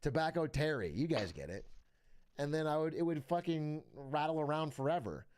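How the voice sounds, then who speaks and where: Young male streamer, expressive pitch, loose profane chatter. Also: normal speed, clear, resonant tone. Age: young adult. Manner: rambling, profane, laughs often. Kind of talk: casual stream chat.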